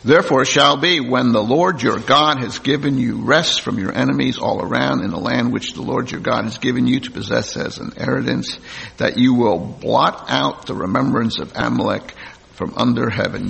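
A man's voice: mid-range voice, moderate pace, creaky, a bit bright, breathy edge. A man preaching a sermon, reading scripture aloud and then commenting plainly to the congregation. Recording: long hall reverb.

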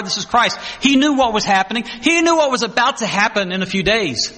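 Bright-voiced male preacher, emphatic. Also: high-pitched, expressive, fairly quick, few pauses, slight background noise. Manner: emphatic, repeats phrases for stress; acts out scripture quotes dramatically. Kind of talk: sermon.

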